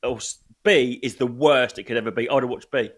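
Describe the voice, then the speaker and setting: A man's voice: mid-range voice, fairly quick, fairly bright tone. A male comedian chatting casually, blunt and sweary, telling anecdotes from his gigs. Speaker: stand-up comedian. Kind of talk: casual chat.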